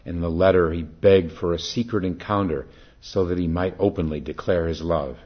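A male meditation teacher gives a reflective dharma talk woven with a story. His voice is deep and husky and he speaks slowly and calmly. The recording sounds dull and lo-fi. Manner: calm, unhurried, reflective.

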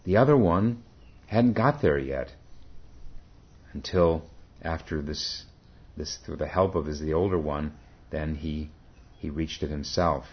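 A man, a Zen teacher, telling a story in a dharma talk, pausing often and correcting himself. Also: a bass voice, husky. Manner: halting, self-correcting. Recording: dull lo-fi recording.

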